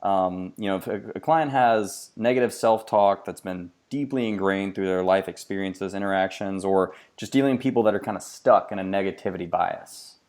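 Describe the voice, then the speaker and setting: Casual upbeat male podcast host, relaxed interviewer delivery. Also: deep voice. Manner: casual, upbeat, quick laughs.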